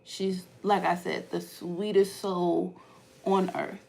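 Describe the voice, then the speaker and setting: This Ohio vlogger has a lowish, gravelly voice and a flat, slow delivery as she chats casually with her live audience through stories. Her telling swings from hushed asides to sudden loud outbursts.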